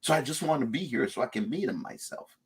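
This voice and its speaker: A man voicing an earnest young male whiskey fan in a quieter, lower tone than his own. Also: animated, quick pace, slightly rough.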